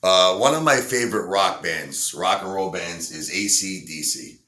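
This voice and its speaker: Man, low voice, bright tone, rambling casual storytelling, echoey room. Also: normal speed, slight background noise. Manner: rambling, many fillers, acts out quotes. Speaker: entertainer storyteller.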